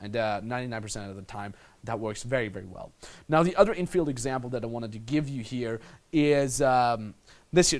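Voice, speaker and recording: A man with a slightly high voice gives a blunt instructional monologue as a dating coach. His delivery is casual and unpolished. He swears freely and speaks straight to the listener as a friend.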